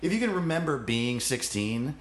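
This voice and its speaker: A comedian guest telling a funny story in casual chat, laughing often and swearing freely. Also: male voice, medium pitch, sing-song, normal speed, echoey room.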